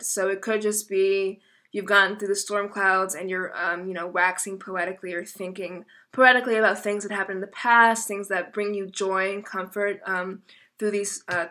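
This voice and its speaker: Young woman tarot reader, bright, crisp tone, casual and chatty, emotional, stops herself mid-sentence. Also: mid-range voice, steady tone, normal speed. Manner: chatty, self-interrupting, emotional. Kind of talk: casual tarot reading video.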